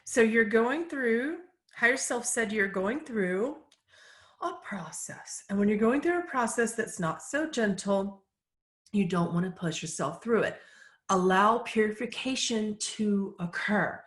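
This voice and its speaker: A woman psychic medium in a casual live question-and-answer session, relaying messages in a calm, measured, gentle way. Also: medium pitch, reverberant.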